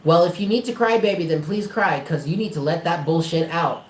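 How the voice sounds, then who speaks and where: A man's voice: on the high side, a little fast, echoey room, slight background noise, poor audio. A man giving a live tarot reading, talking in an emphatic, blunt and affectionate way and swearing often. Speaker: tarot reader.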